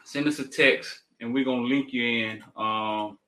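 Male host, casual slangy patter, bright forceful tone. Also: medium pitch, fairly even intonation, a little slow. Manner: loose, repetitive, slangy patter. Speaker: show host. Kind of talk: casual live-stream talk show.

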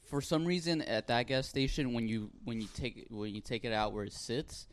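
A man co-hosting a casual podcast chat, telling a story with lots of swearing. He loudly acts out the people in his stories. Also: mid-range voice, steady tone, moderate pace. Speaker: podcast co-host.

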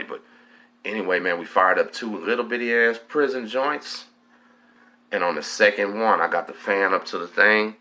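A man with a Texas drawl spins a long, loose story in street slang, swearing freely and tagging nearly every line with "man." His voice sits very low, yet its tone comes through bright and forceful. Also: normal speed. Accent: Southern US, Texas. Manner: streetwise slang, profane, fills lines with "man". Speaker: host, storyteller. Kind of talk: casual storytelling monologue.

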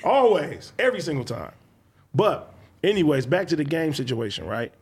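A man's voice: a little high, big pitch swings, normal speed, slightly rough. A young man casually chatting and bantering with friends, steering the talk to new topics. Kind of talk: casual group chat.

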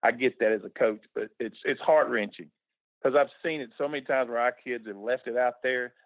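A man's voice: medium pitch, a little fast, dry recording. A middle-aged man, a former coach talking casually in a radio interview, folksy and repeating words when moved. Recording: tinny phone line on radio.

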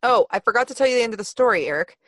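A woman's voice: a little high, lively intonation, very fast, fairly bright tone, dry recording. Podcast host, woman, gossipy storyteller, dry close mic. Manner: chatty, gossipy storyteller, laughs often. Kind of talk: casual chat.

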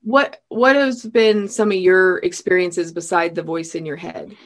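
A woman's voice: lowish voice, fairly even intonation, measured pace. A woman guest in a casual chat, talking in a chatty way with many fillers.

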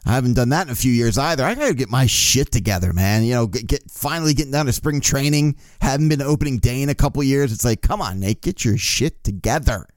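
A man hosts a casual sports podcast, speaking in a middle-pitched, everyday voice. He is opinionated and swears freely, working himself up as he argues his points. The sound is dry and close, with no room echo. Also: quick pace, few pauses. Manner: opinionated, profane, gets worked up. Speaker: podcast host.

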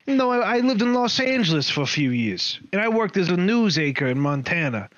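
A man playing a self-important, quick-tempered middle-aged coworker who brags about himself in a raised, lifted voice. The sound is dry and a little dull, with no room around it. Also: sits high, very animated, a bit bright, no echo, voice pushed up. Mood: boastful.

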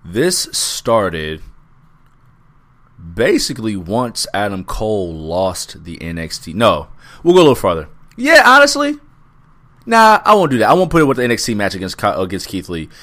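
This co-host of a wrestling podcast is a man whose fairly low, fairly bright voice sounds very animated. He chats casually with plenty of swearing, stretching his recaps out.

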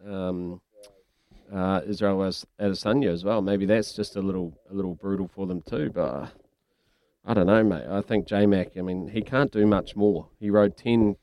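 A man's voice: sits low, steady tone, moderate pace, warm tone, no echo. A man hosting breakfast radio from a studio, chatty and laughing often. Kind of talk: casual radio banter.

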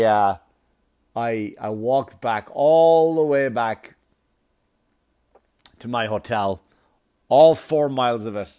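A man doing stand-up, telling a long story in a profane, animated way with laughing asides. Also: on the high side. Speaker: comedian.

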